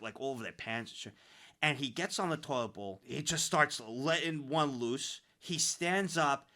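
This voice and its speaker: A young man streaming, reacting to clips and telling stories in loose, excitable slang. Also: mid-range voice.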